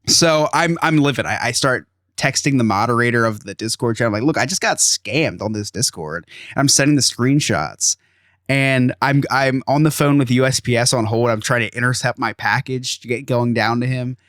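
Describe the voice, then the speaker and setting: A man's voice: medium pitch, moderate pace, fairly bright tone, no room sound, studio quality. A man in his thirties hosting a podcast, telling an exasperated story in casual chat and acting out quotes. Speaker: podcast host.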